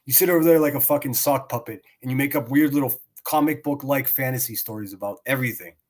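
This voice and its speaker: A man's voice: medium pitch, fast talker. Sarcastic taunting streamer guy. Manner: sarcastic, taunting, laughs mockingly. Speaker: streamer reacting to clips. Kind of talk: profane mocking rant.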